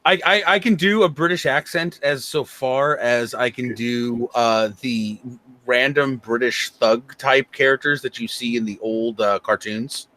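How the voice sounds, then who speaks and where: A man's voice: mid-range voice, unhurried. A middle-aged man chatting as a guest, often repeating and stumbling over his words. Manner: lively, repeats words, stammers. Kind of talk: casual chat.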